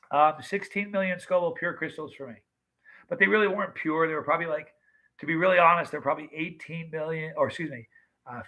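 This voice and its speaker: A man's voice: fairly high pitch, pushed and bright, poor audio. A man in his fifties casually chatting on a livestream, greeting viewers by name and telling stories. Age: 50s. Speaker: livestream host.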